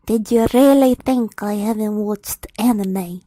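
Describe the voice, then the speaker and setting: A woman's voice: sits high, slow, mellow, no room sound, clean studio sound. A woman voicing a brutish male ogre who taunts and gloats over his victim while she reads a story aloud. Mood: gloating menace. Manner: mocking, gloating, menacing.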